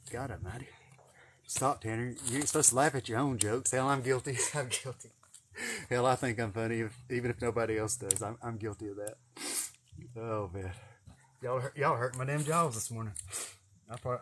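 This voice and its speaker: A man's voice: mid-range voice, brisk, fairly bright tone, a little hiss or hum. A man talking casually while working in a garden outdoors, swearing a lot, repeating words for emphasis and laughing at his own jokes. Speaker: vlogger and contractor.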